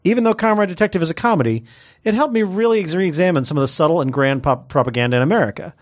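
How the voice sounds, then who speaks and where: A man's voice: a little high, racing. A man co-hosting a casual chat, joking and reading listener messages aloud. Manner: animated, joking, reads listener notes aloud.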